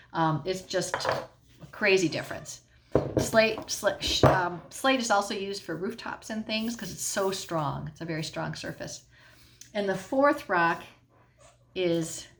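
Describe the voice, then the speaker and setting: Patient woman teacher, slightly low voice. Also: very noisy. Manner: patient, explanatory, checks in with okay. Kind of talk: classroom science lesson on video. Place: at home.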